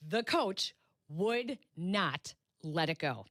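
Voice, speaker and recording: A woman co-hosts a sports radio show. She has a lowish voice and is recorded dry on a close studio mic. She tells stories in a chatty, animated way. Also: extremely slow, dry recording. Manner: animated retelling, acts out quoted voices. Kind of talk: casual radio chat, storytelling. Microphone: studio microphone.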